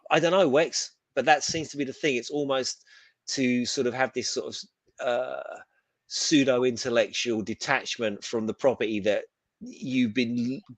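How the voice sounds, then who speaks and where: A man's voice: mid-range voice, dry recording. Chatty man, dry close sound. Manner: animated, swears freely, acts out silly voices. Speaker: podcast co-host. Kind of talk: casual chat.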